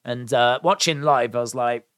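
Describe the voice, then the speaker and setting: A man's voice: mid-range voice, normal speed, a bit bright, smooth, dry recording, clean studio sound. A man giving a casual spoken recap of a wrestling show as its reviewer, enthusiastic and chatty, with frequent "uh" and "um" fillers.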